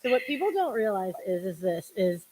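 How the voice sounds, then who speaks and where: A woman's voice: medium pitch, very animated, fairly quick, mellow. A woman co-hosting a podcast in casual chat, laughing and rambling with fillers while sharing one microphone. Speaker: podcast co-host and producer. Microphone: one shared microphone.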